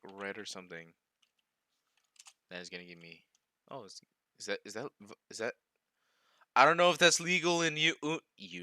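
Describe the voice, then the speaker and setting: Young male stream host, lively and crisp, self-mocking, dry close sound. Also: lowish voice, dry recording. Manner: scattered, self-mocking, laughs at own mistakes. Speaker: live coding stream host. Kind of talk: casual live coding stream.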